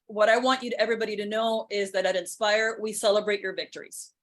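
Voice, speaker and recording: A woman's voice: medium pitch, fairly even intonation, fast. A woman who works as a weight loss program doctor, speaking in an upbeat, persuasive way in a casual chat.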